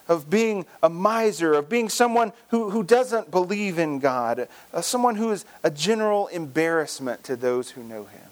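Lively storytelling preacher, man. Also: high-pitched. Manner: storytelling, acts out dialogue, frequent restarts. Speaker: pastor. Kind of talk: sermon.

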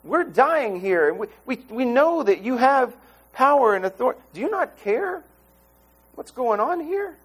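Frightened disciples crying out in a storm, as a preacher acts them out. The voice climbs well above the speaker's usual pitch, urgent and pleading, with a lively, swinging delivery. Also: male voice, normal speed, husky, heavily acted. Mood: desperate pleading. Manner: desperate, pleading, raised pitch.

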